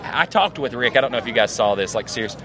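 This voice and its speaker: Excited young man over a loud crowd. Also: mid-range voice, fast, rough recording. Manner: excited, storytelling, lots of "like". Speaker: fan guest. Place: outdoors outside an arena.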